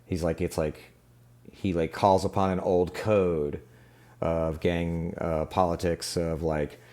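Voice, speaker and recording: Deep mellow-voiced man running a game. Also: level tone, slow. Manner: rambling, loose narration full of fillers and asides. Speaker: game master. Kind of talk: narrating a tabletop game.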